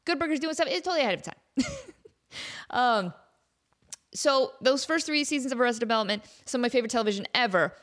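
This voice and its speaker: A woman in her thirties hosting a comedy podcast, talking in a chatty, animated way and slipping into silly voices. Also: a little high, fast, long pauses. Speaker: podcast host. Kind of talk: casual comedic monologue.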